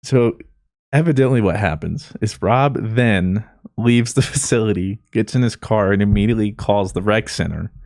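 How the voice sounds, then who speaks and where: Low-voiced man telling a story, dry sound. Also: normal speed, a little mellow, no echo. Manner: laughing storyteller, lots of "like" fillers. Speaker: podcast host. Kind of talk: casual chat.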